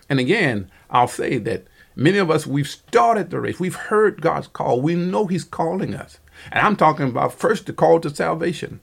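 A male pastor delivers a Bible-study sermon in a gravelly, husky voice. He stumbles through fillers and corrects himself often, and he presses harder and more earnestly when he urges his listeners on. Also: on the high side, lively intonation. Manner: halting delivery, frequent fillers and self-corrections; earnest, rising emphasis on exhortations.

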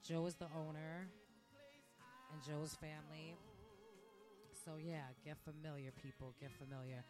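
A woman's voice: deep voice, level tone, a little slow. A woman hosting a podcast in a casual, rambling rant, recorded in a restaurant where she works. She acts out quoted voices and laughs often. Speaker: podcast host. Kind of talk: casual ranting monologue. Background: faint music.

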